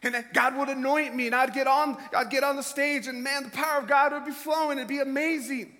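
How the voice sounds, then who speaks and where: Middle-aged male preacher, very high sharp voice, passionate shouted exhortations, echoing hall. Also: steady tone, fairly quick. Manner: impassioned, shouting exhortations with chuckles. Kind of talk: sermon. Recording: reverberant hall.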